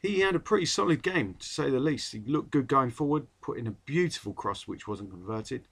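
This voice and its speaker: A man rambling wryly through a casual solo football podcast as its host. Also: lowish voice. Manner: chatty, rambling, wry.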